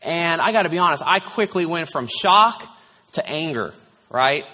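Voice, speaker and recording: A man's voice: on the high side, lively intonation, moderate pace, pushed and bright. A male pastor preaching a candid, conversational sermon, sharing a personal story. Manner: candid, conversational, tearful at times, frequent "right?". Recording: long hall reverb.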